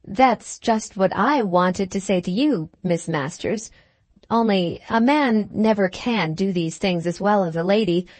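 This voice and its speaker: Earnest, gruff-but-kind gentleman, read by a woman narrator; plain, close, dry delivery. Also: mid-range voice, unhurried, no room sound, lightly acted.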